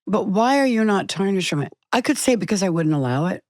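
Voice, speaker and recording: An older woman, an actress being interviewed, telling stories in an animated way and acting out the voices she quotes. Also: mid-range voice, fast, no echo, studio quality. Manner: animated storytelling, acts out quotes. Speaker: guest, actress. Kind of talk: conversational interview.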